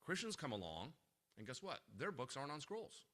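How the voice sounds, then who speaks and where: A middle-aged man giving a lively teaching talk at a church retreat, acting out little quotes and restarting his sentences as he goes. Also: mid-range voice. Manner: fast, animated, with frequent restarts and acted-out quotes.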